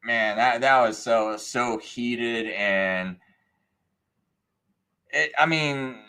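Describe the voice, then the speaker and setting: A man hosting a livestream, telling a story in a casual, animated and rambling way with many fillers. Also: mid-range voice, drawn-out words, clear, resonant tone. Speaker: livestream host.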